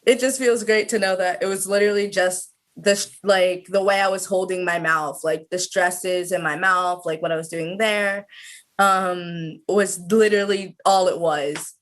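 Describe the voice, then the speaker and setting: A woman's voice: on the low side, steady tone, moderate pace. Chatty young woman on a video call. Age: about 20. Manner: chatty, many "like" fillers. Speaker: student guest. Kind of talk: casual interview chat.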